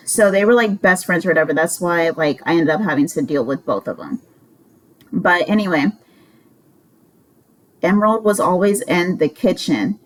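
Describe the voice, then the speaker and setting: A woman vlogger in her twenties tells a rambling, casual story about a roommate, sounding exasperated and swearing freely. Her voice is lowish, and the recording is rough.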